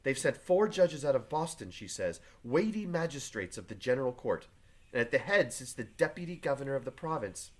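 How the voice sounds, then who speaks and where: A man voicing Elizabeth Proctor, a reserved farm wife, read quietly and plainly from a play. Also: medium pitch, big pitch swings, brisk. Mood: guarded. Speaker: teacher reading a play aloud. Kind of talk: reading play aloud to a class.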